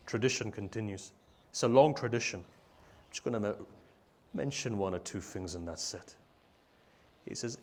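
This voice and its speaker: A man preaching a mourning sermon in emotional storytelling, rising loud and falling soft. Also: moderate pace, pauses often, slight background noise. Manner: emotional storytelling, swelling loud then dropping low. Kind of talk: majlis sermon.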